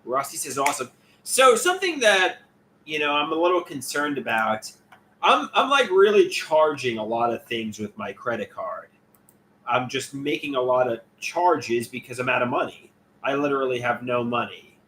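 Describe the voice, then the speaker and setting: A man's voice: mid-range voice, very animated, moderate pace, fairly bright tone, slight background noise. A man hosting a casual livestream, rambling and chatty as he reads out viewer comments and greets them by name. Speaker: livestream host.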